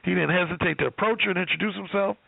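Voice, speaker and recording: A man working as a dating coach, telling a story in a profane, animated way, with lots of quoted dialogue. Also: high voice, very fast, gravelly, breathy edge, no room sound, narrow, tinny audio. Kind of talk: storytelling on a call-in show.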